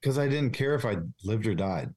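A police officer speaking as a guest in a candid interview, earnest and confessional, with many restarts and fillers. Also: male voice, mid-range voice, lively intonation, a little fast, darkish tone.

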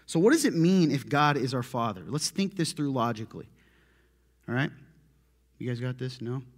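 A man preaching a conversational sermon as a pastor, telling stories in a lively, self-deprecating way and often laughing. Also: medium pitch, moderate pace.

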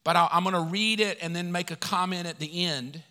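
Bright-voiced preaching pastor in a hall. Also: male voice, sits high, brisk. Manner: animated preaching, swings from loud to quiet. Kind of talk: sermon.

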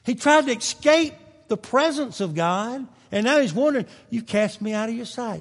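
A man preaching a sermon, swinging from quiet, low passages to loud, urgent ones, with folksy asides. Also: very animated, normal speed, breathy edge. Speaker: pastor. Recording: long reverb of a church hall.

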